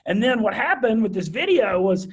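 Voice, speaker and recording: High-energy Southern drawl man, husky. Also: normal speed. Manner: high-energy, animated, excited. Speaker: guest, radio host. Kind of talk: interview storytelling.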